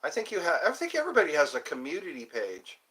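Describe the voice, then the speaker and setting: A man's voice: on the high side, huge pitch swings, fast, sharp tone. A man streaming live, rambling and joking as he chats with his viewers. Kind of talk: casual live-stream chat.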